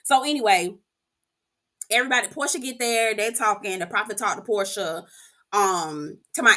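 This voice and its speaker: A woman's voice: mid-range voice, normal speed. A woman giving casual, sassy, profane commentary as she recaps a reality TV episode. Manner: sassy, profane, animated reactions to the show.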